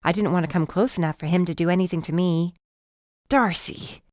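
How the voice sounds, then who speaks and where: A woman narrating a mystery audiobook in the first person, in a tense, measured storytelling manner. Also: on the low side, little pitch movement, mellow, no echo, studio quality.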